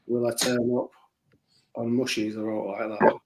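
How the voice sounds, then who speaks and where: A man's voice: mid-range voice, little pitch movement, moderate pace, background noise. A man, a guest musician chatting in a rambling, self-mocking, hesitant way. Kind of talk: casual chat.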